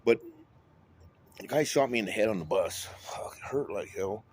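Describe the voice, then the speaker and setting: A man's voice: lowish voice, expressive, moderate pace, darkish tone, slightly rough. A man talking in a rambling monologue, drifting between topics and swearing often. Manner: rambling, wandering, with frequent swearing.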